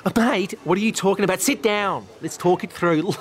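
A man's voice: high-pitched, brisk. A man coaxing and reassuring his friend in an upbeat way in a scripted sitcom scene. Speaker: comedic character in a sitcom scene.

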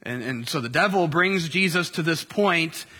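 A man's voice: fairly high pitch, lively intonation, normal speed, pushed and bright, husky, in a large hall. A man preaching a sermon in an easy conversational way, full of fillers and restarts. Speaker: pastor.

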